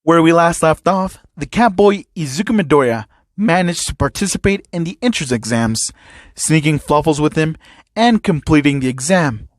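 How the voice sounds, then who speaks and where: A man reading a fan story aloud in a casual, unpolished way, dropping in the odd filler. His voice sits slightly high for a man. The recording is close and completely dry. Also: expressive, normal speed, no room sound. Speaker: fan fiction narrator.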